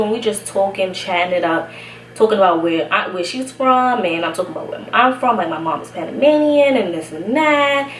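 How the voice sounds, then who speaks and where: A young woman from Brooklyn tells a casual storytime vlog in a chatty, slangy way. She sounds a little out of breath. Her voice sits at a middling pitch and comes across an echoey room from a short distance. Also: lively intonation, a little fast. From Brooklyn, New York. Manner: chatty, slangy, laughs often. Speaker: vlogger. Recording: echoey room, somewhat far from mic, faint hiss.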